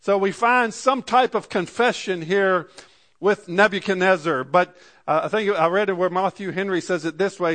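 Brief: male pastor mid-sermon, slightly higher voice, measured scripture readings, quieter low asides. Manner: archaic scripture readings, repeated "Amen".

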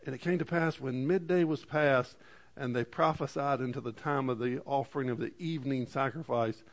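A man preaching to a congregation, reading scripture dramatically with lively asides and stammered restarts. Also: medium pitch, moderate pace. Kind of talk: sermon. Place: church in front of a congregation.

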